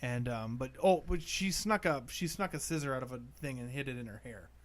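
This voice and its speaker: A man's voice: medium pitch, fairly quick. A man co-hosting a horror movie podcast, recapping the film in casual, rambling talk with frequent "like" and casual swearing. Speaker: podcast co-host. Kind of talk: casual movie review chat.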